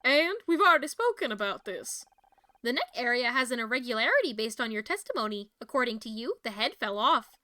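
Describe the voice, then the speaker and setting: A woman voicing a confident young female detective who lays out evidence in a crisp, matter-of-fact way, reading a mystery game aloud. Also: a little high, very animated, fairly quick, pushed and bright, no room sound. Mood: probing.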